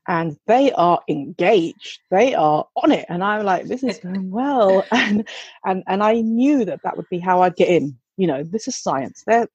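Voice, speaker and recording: A woman's voice: on the low side, a little mellow, slightly rough, dry recording, highs cut off. A woman, a mother, telling a candid, chatty anecdote with some swearing and restarts. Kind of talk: casual anecdote.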